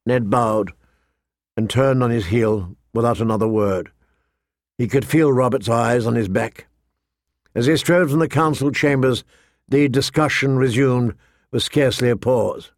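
This is a man of medium pitch delivering scripted audiobook narration with calm, even storytelling. It's studio quality, free of any room sound.

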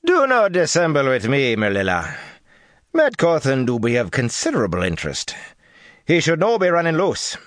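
A man's voice: mid-range voice, huge pitch swings, normal speed, a bit bright, no echo, studio quality, pitched above the performer's own voice. A man voicing a stern, cold older woman of authority who speaks in clipped, formal, old-fashioned phrases.

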